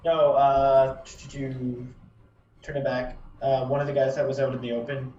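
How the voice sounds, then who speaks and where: A man playing a tabletop game who talks in a relaxed, laid-back way and calls out his dice rolls. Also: mid-range voice, normal speed, slight background noise. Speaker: player. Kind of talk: casual tabletop play. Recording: roomy, distant, muffled call audio.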